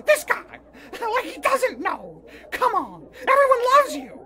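A neurotic male turkey puppet whines and curses in a shrill, nasal squeal. His very high, bright voice leaps around as he melodramatically swings from self-pity to shouting. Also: huge pitch swings, slow, heavily acted. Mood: pleading. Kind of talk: puppet comedy sketch.

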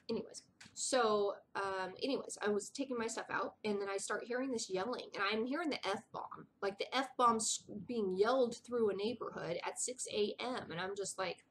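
A woman's voice: on the high side, lively intonation, moderate pace, bright, forceful tone, slight background noise. A middle-aged woman vlogging in a rambling, chatty way who drops to a whisper for asides. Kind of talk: casual chat.

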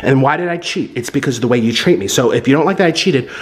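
A man's voice: medium pitch, animated, fast talker, far from the mic. A man vlogging at home while eating, talking in a dramatic, whiny way as he bickers with his partner. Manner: dramatic, whiny, shrieks when hit. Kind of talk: mukbang vlog with staged bickering. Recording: echoey room with clear background noise.

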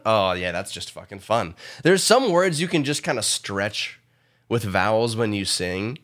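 A young man streaming a casual reaction to an album, excitable, swearing often and joking. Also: fairly low pitch, measured pace. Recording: faint pop music underneath. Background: pop music playing.

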